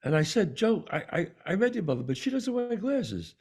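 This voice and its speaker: A man with a New York accent, co-hosting a talk show and telling a personal story in an animated way, acting out the voices of the people in it. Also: high-pitched, fairly quick, slightly rough. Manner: animated storyteller, acts out quoted dialogue. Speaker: podcast co-host. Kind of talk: storytelling in casual conversation.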